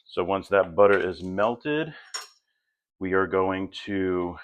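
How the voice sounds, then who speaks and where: Slow, deep-voiced man demonstrating a recipe. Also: clear, resonant tone, narrow, tinny audio. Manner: relaxed, chatty step-by-step instructions. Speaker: home cook host. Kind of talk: cooking demonstration.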